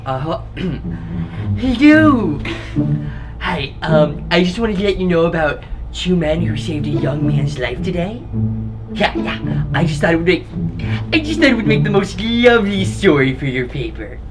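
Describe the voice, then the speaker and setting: A woman's voice: lowish voice, big pitch swings, a little slow, over loud music. An actress playing a nervous woman hesitantly phoning in a story.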